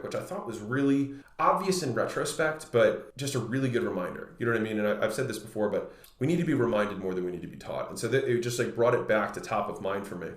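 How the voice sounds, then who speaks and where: A man in his thirties hosting a podcast, talking in a relaxed, chatty way full of "like" as he retells a conversation. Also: mid-range voice. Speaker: podcast host. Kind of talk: casual solo monologue. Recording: roomy echoey room.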